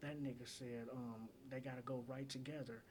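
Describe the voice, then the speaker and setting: A man's voice: medium pitch, steady tone, moderate pace, a little mellow, a little hiss or hum. A man hosting a casual breakdown of rap battle lyrics, repeating lines and asking "get it?" as he explains each joke.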